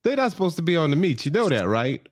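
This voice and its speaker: Man, podcast co-host, lively swinging pitch, emphatic and profane, dry close mic. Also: fast, dry recording. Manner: animated and emphatic, swears freely. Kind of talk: casual comedic recap chat.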